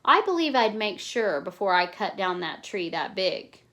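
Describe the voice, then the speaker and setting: A woman reading the lines of a kind farm father who speaks in a slow, calming voice. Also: medium pitch.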